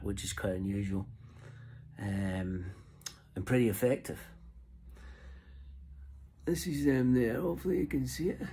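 Camping on the road, a middle-aged Scotsman who ties and sells flies chats casually to camera about his work in a rambling, jokey vlog. His voice is low and mellow, with slight background noise on the recording.

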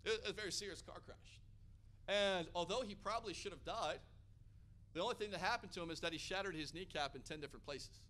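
An American man preaching a sermon, energetic and building to loud, emphatic peaks. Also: sits high, fast.

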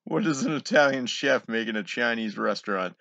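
A man's voice: mid-range voice, brisk, creaky, fairly bright tone, dry recording. A man casually reading jokes aloud, giggling and swearing between them. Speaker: joke reader. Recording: dull, lo-fi home recording.

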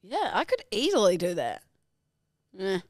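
A woman's voice: mid-range voice, wildly swooping pitch, measured pace, dry recording, clean studio sound. A woman co-hosting a podcast, chatting casually and playfully, often giggling. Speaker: podcast co-host. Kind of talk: casual chat.

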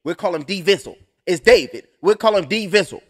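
A man's voice: high-pitched, animated, brisk. A young adult man calling a fight blow by blow on a live stream, rambling and cursing with joking asides. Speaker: fight commentator.

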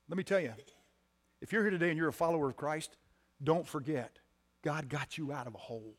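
A pastor preaching a sermon to his congregation, swinging from loud emphatic lines to quiet ones and repeating key phrases. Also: fairly high pitch, brisk, pauses often. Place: church sanctuary.

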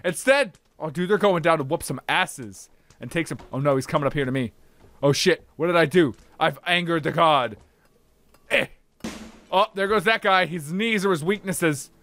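A young man commentating his own game play, excitable, swearing and yelling at enemies. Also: on the high side, moderate pace, no room sound. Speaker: gaming channel host.

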